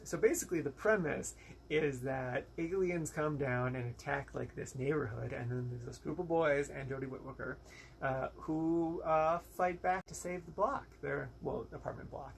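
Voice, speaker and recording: Gravelly young man ranting casually. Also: fairly high pitch, slight background noise. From United States. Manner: rambling, frank, exasperated, with many fillers and quoted asides. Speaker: movie reviewer. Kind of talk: casual solo movie review.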